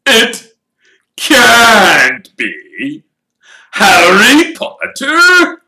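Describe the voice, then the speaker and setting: A man voicing a vain, showy male celebrity wizard author in a pompous, booming, theatrical way. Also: huge pitch swings, unhurried, sharp tone, roomy sound, heavily acted, rough recording. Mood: grandstanding.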